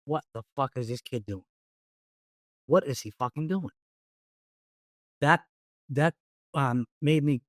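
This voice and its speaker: A man's voice: on the high side, no echo, clean studio sound. A middle-aged man, a retired police detective telling a case story in an interview, blunt and profane, acting out his own lines.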